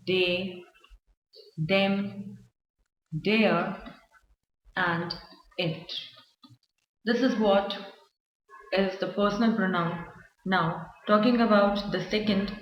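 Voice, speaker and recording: A woman teaching a grammar lesson, explaining slowly and repeating her examples with small fillers. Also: medium pitch. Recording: echoey, dull lo-fi recording.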